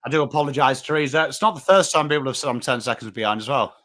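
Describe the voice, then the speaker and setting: A man with an English accent hosting a live footy watchalong, mixing game commentary and cheering with quick replies to viewers in chat. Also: mid-range voice. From England. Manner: animated, jumps between cheering the team and greeting viewers. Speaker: livestream host.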